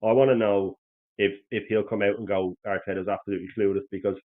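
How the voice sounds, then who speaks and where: Fast-talking Irish host on a tinny line. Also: male voice, on the low side. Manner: rambling and animated, with many restarts. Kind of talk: casual football chat.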